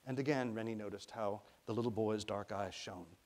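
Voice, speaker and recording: A man from Arkansas reads his own children's novel aloud. His narration is lively and expressive and leans into the comic action. He sounds like an author at a public reading. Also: lowish voice, moderate pace.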